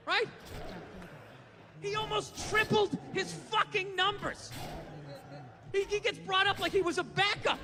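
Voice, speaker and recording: Stand-up comic, high bright voice, profane incredulous rant, live club reverb. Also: male voice, fairly even intonation, a little slow, long pauses. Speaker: stand-up comedian. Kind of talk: stand-up comedy routine. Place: comedy club stage.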